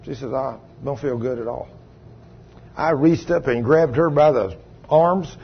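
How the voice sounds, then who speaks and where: Pastor, man, husky higher voice, storytelling sermon with big swings in loudness, muffled sound. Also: measured pace. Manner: swings from low quiet telling to loud raised retelling. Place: church sanctuary.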